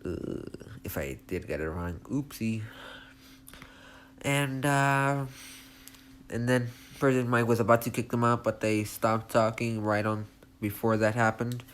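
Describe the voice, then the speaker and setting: A man's voice: medium pitch, measured pace, long pauses, a bit bright, slight background noise. A young man casually retelling a fan story, rambling and hesitant with many restarts.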